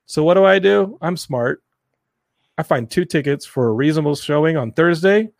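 A man hosting a casual podcast chat, telling stories with energy and acting out what people said in a higher voice. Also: normal speed, creaky, dry recording, studio quality. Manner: animated storytelling, acts out quotes in a higher voice. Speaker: podcast host. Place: Los Angeles.

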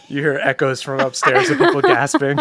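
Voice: mid-range voice, fairly bright tone, no room sound. A game master narrating a tabletop game in a casual, rambling way.

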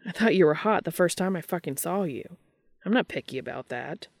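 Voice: medium pitch, lively intonation, a little fast, creaky, no echo. Reader playing a cocky, teasing male hunter. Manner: casual and teasing. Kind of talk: fan fiction audiobook reading.

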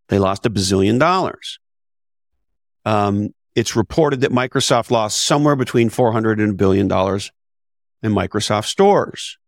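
A man's voice: fairly low pitch, expressive, normal speed, gravelly, no room sound, studio quality. A man talking as a podcast guest, blunt and emphatic, with rhetorical questions and casual swearing. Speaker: podcast guest, author and business advisor. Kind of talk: conversational interview.

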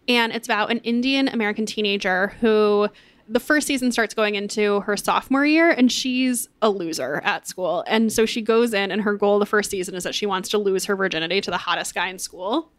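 A woman's voice: medium pitch, no echo. A young woman co-hosting a podcast, chatting in an upbeat way with lots of casual fillers. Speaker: podcast co-host. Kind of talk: casual chat with ad read.

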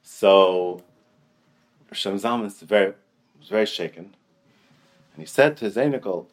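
Man, middle-aged, lowish voice, Torah class storyteller, animated, repeats himself. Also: a little slow, pauses often. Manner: animated, repeats phrases, chuckles. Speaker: Torah teacher.

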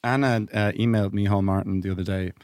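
A young man co-hosting a podcast, telling a story in a relaxed, halting casual chat. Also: fairly low pitch, no room sound, studio quality. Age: young adult. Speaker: podcast co-host.

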